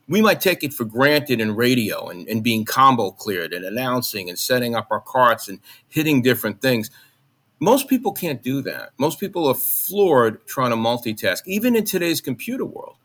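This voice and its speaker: Guest, middle-aged man, faint Long Island accent, bright forceful voice, animated storyteller. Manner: animated, jumps into high mock voices when recounting. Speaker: guest, former college radio announcer. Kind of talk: conversational interview storytelling.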